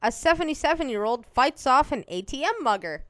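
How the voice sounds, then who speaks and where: A woman's voice: sits high, expressive, fairly quick, a bit bright. A woman co-hosting a casual podcast, reading news headlines aloud and reacting with short laughs. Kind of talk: casual chat.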